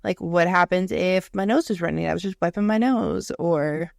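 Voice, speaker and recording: A woman's voice: fairly low pitch, normal speed, creaky, darkish tone, no room sound, studio quality. A young woman co-hosting a podcast in casual chat, blunt and profane, often acting out what coworkers say. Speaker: podcast co-host.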